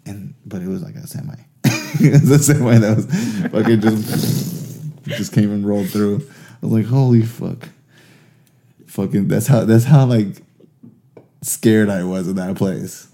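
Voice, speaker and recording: A man with a lowish voice tells a long, casual story at normal speed. He's animated and profane, swearing freely and laughing as he goes.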